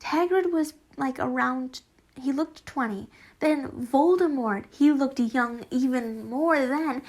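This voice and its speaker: A woman's voice: high-pitched, takes it slowly. A young woman reading fanfiction aloud in a casual, rambling way, often breaking off to laugh and apologize. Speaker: fanfiction reader. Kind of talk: casual reading with chatty asides.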